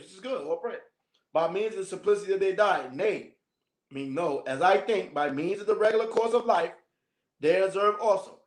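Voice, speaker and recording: A man's voice: sits high, moderate pace, roomy sound. A man teaching as a minister, reading a text aloud and breaking off into slangy, joking asides with frequent laughs.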